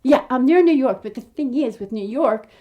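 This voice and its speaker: A woman's voice: high-pitched, moderate pace, highs cut off. Quirky, chatty fifty-year-old American woman. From United States. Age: 50s. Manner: rambling, quirky, animated storytelling with frequent restarts. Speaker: aspiring actress and vlogger. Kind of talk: casual chat to camera.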